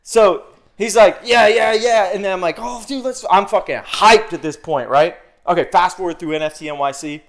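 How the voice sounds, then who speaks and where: A man's voice: fairly high pitch, brisk. A man telling a story on a podcast, casual and profane, acting out what he and others said. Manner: animated, profane, acts out his own quotes. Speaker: podcast guest.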